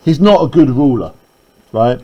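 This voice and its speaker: A man's voice: medium pitch, animated, warm tone, dull audio. A man teaching a literature lesson, reading lines from a play and explaining them step by step, checking in with "right?" and "okay?". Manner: reads the verse slowly, then paraphrases quickly.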